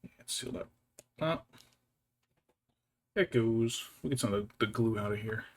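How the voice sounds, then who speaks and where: A man's voice: on the low side, normal speed. Man rambling while painting on stream. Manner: rambling, muttering to himself and his cat; wry, mock-dramatic complaints. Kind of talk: casual livestream chat while working.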